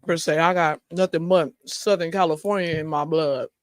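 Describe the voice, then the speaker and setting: The host's voice is on the high side, with fairly even intonation and normal speed, recorded at studio quality without echo. On his casual talk show he chats, reads viewers' comments aloud, laughs a lot and talks straight to his viewers.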